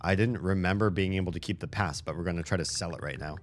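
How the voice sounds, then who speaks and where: Young guy doing lets play commentary, lowish voice, mumbly asides, faint music under it. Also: quick pace. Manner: casual, thinking aloud, low mumbled asides. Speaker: video game player.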